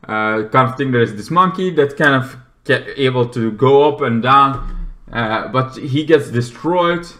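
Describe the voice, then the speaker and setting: In an unhurried, medium-pitched voice, this man talks through a movie in a casual, wandering review, frequently backtracking and erupting into loud performed shouts.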